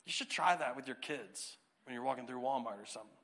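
A man's voice: mid-range voice, animated, fast talker, fairly bright tone. A man preaching as a pastor in a church service, reading scripture, praying and joking casually with the congregation. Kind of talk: sermon with scripture reading and prayer. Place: church sanctuary.

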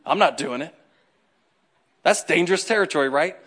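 Man, pastor, sermon, animated, conversational, high voice. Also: moderate pace. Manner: animated, conversational, acts out quotes.

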